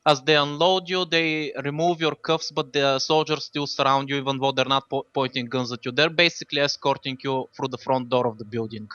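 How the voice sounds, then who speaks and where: A man's voice: medium pitch, steady tone, fairly quick, hardly any pauses, sharp tone, no room sound, lo-fi sound. A man running a tabletop game as game master, casual and swearing, with lots of fillers.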